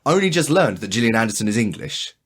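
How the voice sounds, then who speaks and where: A man hosts a casual podcast chat with lots of enthusiasm. He rambles and restarts, swearing freely as he gets excited. His voice sits in an ordinary middle male pitch. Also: fast, slightly rough. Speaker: podcast host.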